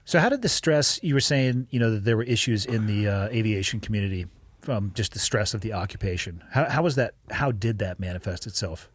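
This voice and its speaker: Fast-talking husky male podcast host. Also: lowish voice, animated, dry recording. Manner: quick, reactive interjections and questions. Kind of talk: casual interview.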